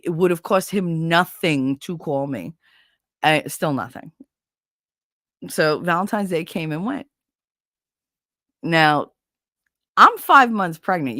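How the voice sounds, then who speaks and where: A middle-aged woman tells a story on her casual talk show, cursing freely and acting out the voices of the people in it. Her voice sits low. The sound is close and dry, with no room echo. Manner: animated, swearing, acts out voices in retelling. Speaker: host.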